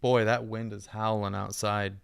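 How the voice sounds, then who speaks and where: Speaking a little slowly, a male streamer with a fairly low, creaky voice chats casually while he edits audio on a livestream. The tone is clean, and he stays relaxed and rambling, thinking aloud as he works.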